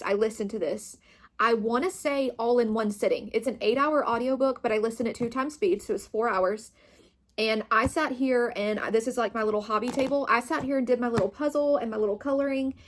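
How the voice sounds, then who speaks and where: A young booktube host enthusiastically walks through her month of reading in a relaxed, chatty wrap-up, gushing over her favorites. Her voice is a bit higher than most.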